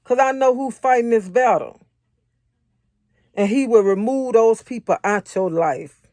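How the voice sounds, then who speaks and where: Unhurried and warm-toned, her fairly high voice comes through a dry, clean studio recording. This married adult woman encourages others in faith, preaching conversationally and earnestly, repeating her points while sharing her own testimony in casual vernacular.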